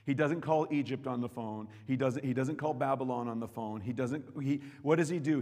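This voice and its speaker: A man preaching a sermon with passion, swinging between loud declarations and hushed asides. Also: mid-range voice, moderate pace, few pauses. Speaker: pastor. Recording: long reverb hall.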